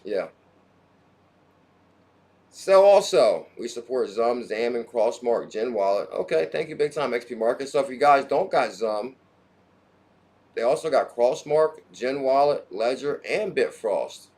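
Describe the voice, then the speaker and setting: In a medium-pitched, unhurried voice, a man runs a crypto livestream. He's casual and excited, hopping between subjects and calling out chat viewers by name.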